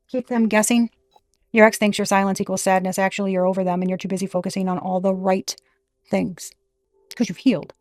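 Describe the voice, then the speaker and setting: A woman's voice: medium pitch, darkish tone, no echo. Frank, emphatic woman tarot reader. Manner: emphatic and frank, with casual swearing. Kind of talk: casual tarot reading monologue.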